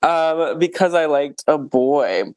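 A man co-hosting a podcast, chatting casually about music, animated, laughing often and using many fillers. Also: on the high side, slow, smooth. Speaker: podcast co-host. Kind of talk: casual chat reviewing an album.

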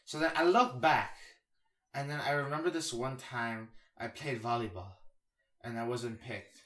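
A man's voice: mid-range voice, unhurried, fairly bright tone. A young man co-hosting a podcast, chatting casually, rambling from joke to joke and saying "you know" constantly. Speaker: podcast co-host.

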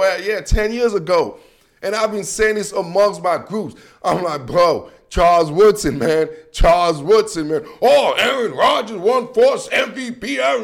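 A man with a notably high voice rants about his team as the host of his own show. His delivery is loose and full of slang, emphatic, and now and then he breaks into shouting. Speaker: sports commentary host. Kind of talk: casual sports rant.

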